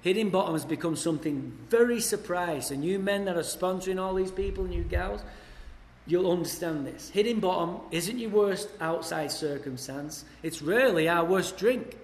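A man's voice: sits high, normal speed. Blunt Englishman telling his story. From England. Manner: blunt, swearing, storytelling with wry humor. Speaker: recovery speaker. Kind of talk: recovery meeting talk. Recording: echoey hall, faint ambience.

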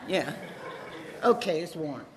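A woman's voice: deep voice, animated, slow. Joking Southern woman in a hall. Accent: Louisiana Southern. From Louisiana. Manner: chatty, joking with the crowd. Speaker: speaker at a recovery meeting. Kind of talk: personal testimony talk. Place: meeting hall, at a podium. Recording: reverberant hall.

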